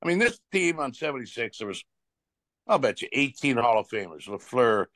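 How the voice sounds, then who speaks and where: A man's voice: medium pitch, big pitch swings, moderate pace, fairly bright tone, no echo. A man in his seventies, a retired hockey player, telling stories in an interview with a rambling, repetitive way of talking. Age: 70s. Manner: rambling, repeats himself, acts out quotes. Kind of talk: casual storytelling in an interview.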